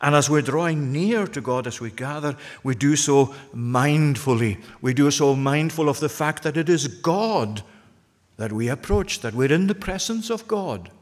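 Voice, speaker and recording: A pastor preaching a sermon, earnest, putting repeated questions to the congregation. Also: male voice, on the high side, animated, unhurried, in a large hall. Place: church.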